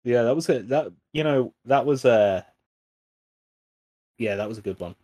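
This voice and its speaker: A man's voice: medium pitch, animated, unhurried, warm tone, dry recording, studio quality. A man co-hosting a podcast in casual banter, rambling with fillers, laughing and swearing freely. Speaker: podcast co-host.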